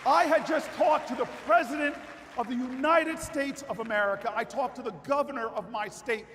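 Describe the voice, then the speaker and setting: Male keynote speaker, storyteller to rally shouter, high voice, reverberant hall with a faint crowd. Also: moderate pace, slight background noise. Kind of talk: political convention speech. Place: large convention hall with crowd.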